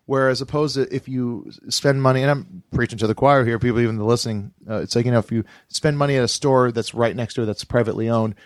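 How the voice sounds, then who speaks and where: A man's voice: mid-range voice, fast, few pauses, no room sound, studio quality. A man hosting a comedy podcast, rambling casually with frequent fillers and laughter. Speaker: podcast host.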